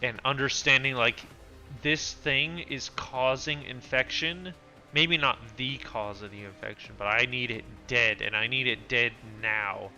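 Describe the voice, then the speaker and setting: A man playing a tabletop game who gets excitable and shouts in bursts, slipping in and out of his character. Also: medium pitch, measured pace. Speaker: player. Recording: dull lo-fi sound with faint background music.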